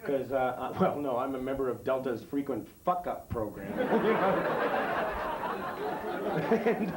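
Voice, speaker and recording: A man doing a profane stand-up routine on a club stage, swinging from high yelps to low mutters. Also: expressive, measured pace, heavy background noise. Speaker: stand-up comedian. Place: comedy club stage before live audience. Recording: echoey club with crowd laughter. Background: audience laughter.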